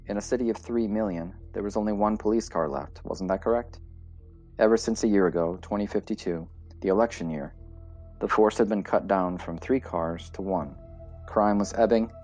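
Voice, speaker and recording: Very deep-voiced male story narrator. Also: a little mellow. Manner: measured, deliberate storytelling. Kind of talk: dramatic story reading. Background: faint music.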